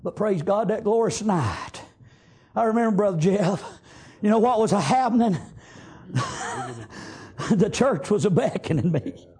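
Fervent shouting preacher man. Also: high voice, lively intonation, unhurried, pauses often, breathy edge. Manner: fervent, chanting rhythm with many "uh"s and shouts. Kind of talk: sermon.

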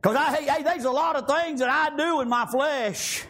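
A man preaching a sermon, shouting out emphatic lines and punctuating them with frequent amens. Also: very high voice, normal speed.

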